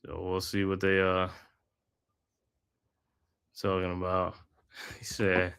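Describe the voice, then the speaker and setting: A man hosting a live watch-party stream, calling the game play by play in a steady flow with casual slang asides. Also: low voice, slow, creaky, pauses often, smooth. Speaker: host.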